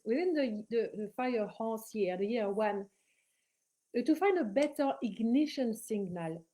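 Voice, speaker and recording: A woman's voice: a little high, warm tone. A woman giving an earnest spiritual teaching talk, stressing her points by repeating phrases.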